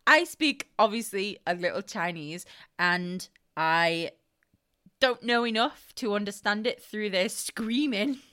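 Young woman, podcast co-host, casual chat, animated pitch, bright tone, laughs a lot, swears freely. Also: slow, clear, resonant tone.

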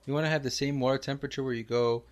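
A man voicing a deadpan, clannish male loon, tagging his lines with "eh?" in an improvised comedy interview. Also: mid-range voice, racing, natural voice.

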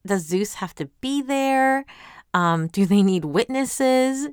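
A woman's voice: medium pitch, lively intonation, takes it slowly, smooth, no echo, clean studio sound. A woman hosting a webtoon recap. She talks casually and animatedly, reads viewer comments aloud and asks a lot of questions.

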